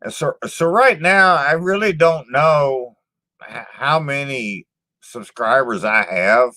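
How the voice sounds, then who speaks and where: A man talks slowly and bluntly to his channel's viewers, full of swearing and doubled-up words. His voice is bright and forward. The recording is dry and close. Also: mid-range voice, no echo. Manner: blunt, profane, repeats words and says "man" a lot. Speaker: channel host reading live chat. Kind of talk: casual live-stream chat.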